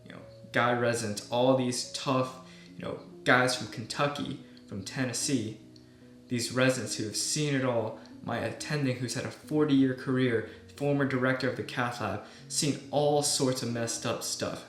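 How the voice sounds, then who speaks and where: Young male med student, mid pitch, reflective and soft-spoken, quiet guitar bed, roomy echo. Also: steady tone, moderate pace. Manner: soft-spoken, earnest, often trailing off quietly. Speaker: medical student vlogger. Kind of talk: reflective personal storytelling. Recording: echoey room with soft guitar music.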